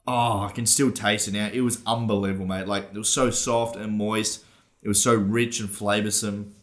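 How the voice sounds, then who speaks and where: A man's voice: fairly low pitch, level tone, moderate pace. A young man co-hosting a casual podcast, talking with enthusiasm. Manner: enthusiastic, repeats "unbelievable". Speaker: podcast co-host. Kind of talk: casual chat.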